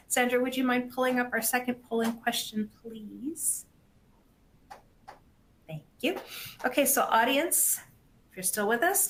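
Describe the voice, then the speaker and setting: A woman's voice: a little high, a bit bright, slight background noise, low-quality recording. A woman hosting a business webinar, reading poll questions and a guest introduction in a chatty, upbeat way. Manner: chatty, upbeat, reads polling questions aloud. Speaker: webinar host.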